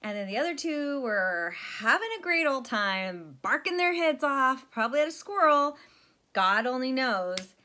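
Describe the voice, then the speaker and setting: A woman's voice: high voice, very animated, unhurried, bright, forceful tone. A middle-aged woman talking casually to camera in a stitching vlog, rambling and chatty, often laughing at herself. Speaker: FlossTube vlogger.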